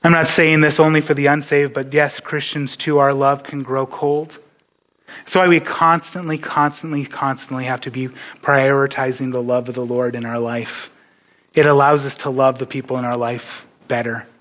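A pastor preaching a sermon to his church, earnest and sometimes dropping to a hush on key points. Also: mid-range voice, level tone, normal speed.

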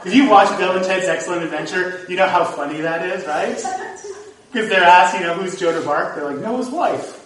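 A man's voice: high-pitched, steady tone, brisk, fairly bright tone, a little hiss or hum. A man preaching a sermon as pastor, earnest and at times emphatic. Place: church sanctuary. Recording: echoey hall, mic from far off. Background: congregation.

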